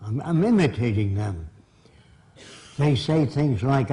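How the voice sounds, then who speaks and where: A man's voice: medium pitch, animated, takes it slowly, dark tone, low-quality recording. An older man from Brooklyn, giving a blunt, emphatic public lecture. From Brooklyn, New York.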